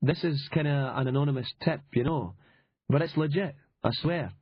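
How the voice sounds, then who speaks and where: Brief: man playing an evasive Glasgow-accented anonymous caller, husky, audiobook. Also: fairly high pitch, moderate pace, dry recording, muffled recording. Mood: cagey. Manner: evasive, hesitant. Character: cagey anonymous male caller, young-ish man.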